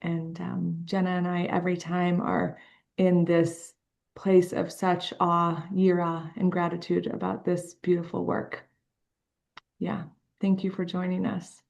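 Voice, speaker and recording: A woman co-leading a virtual gathering, softly thanking everyone with pauses on a video call. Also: lowish voice, monotone, creaky. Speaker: co-leader.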